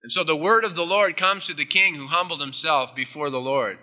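A man preaching a sermon as pastor, emphatic, with sudden drops into soft, close asides. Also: a little high, brisk, long reverb tail.

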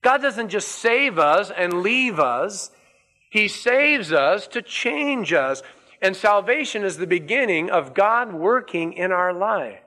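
A man preaching a sermon as a pastor, stressing and repeating key words with slow, deliberate emphasis. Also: high voice, animated, bright, forceful tone.

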